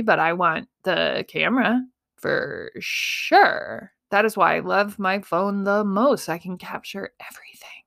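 A woman in her thirties talks through a personal story in a relaxed, conversational way. She laughs often and slips into quick little voices for the people she quotes. Her pitch sits in a middle range for a woman. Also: vocal fry. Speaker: podcast host. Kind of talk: casual storytelling.

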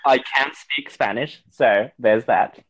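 A man's voice: mid-range voice, slow, poor audio. A man from Mexico speaks English with a British-sounding accent, a guest in an easygoing chat about games. His delivery is dry and understated, with frequent small hesitations. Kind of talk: casual gaming chat.

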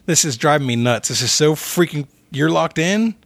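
Man, casual podcast trivia, excitable, thinks aloud, dry close sound. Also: on the high side, normal speed, creaky, dry recording. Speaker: quiz contestant and co-host.

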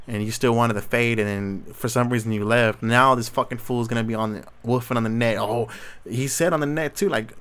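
Solo host, male, mid-pitched, swears nonstop in street slang, blunt and worked up. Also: fairly even intonation, fairly quick, fairly bright tone, clean tone. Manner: profane, heavy street slang. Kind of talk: casual commentary rant.

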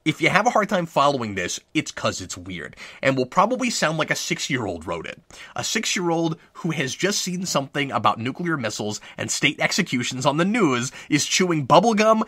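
Male film reviewer, sarcastic and scripted, bright voice with a lively, swinging pitch. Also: no echo. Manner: wry, sarcastic. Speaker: movie reviewer.

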